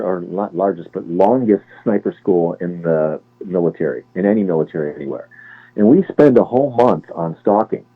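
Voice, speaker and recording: A man in his forties from Cleveland, a guest on an interview, talking in a relaxed, chatty way and often correcting himself. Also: low voice. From Cleveland, Ohio. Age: 40s. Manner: relaxed, chatty, laughs easily, self-correcting. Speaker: guest, former Navy sniper. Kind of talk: casual interview chat. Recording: tinny phone-line audio.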